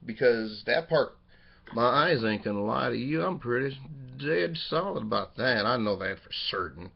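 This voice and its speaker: A man in a rambling webcam confessional, cursing freely as his voice leaps from excited highs to hushed lows. His delivery is animated and restless, wandering from one thought to the next. The audio is dull and lo-fi, the way a cheap webcam microphone captures it. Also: moderate pace, gravelly, husky. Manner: rambling and profane, jumping from excited high bursts to low quiet musing. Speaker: vlogger. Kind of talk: rambling personal webcam monologue.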